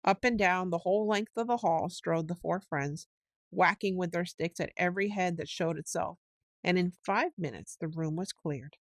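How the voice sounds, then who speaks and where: A woman giving a slow, unhurried bedtime reading of a storybook, now and then lifting into quick character voices. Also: on the low side, dry recording. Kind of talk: slow sleep-story narration.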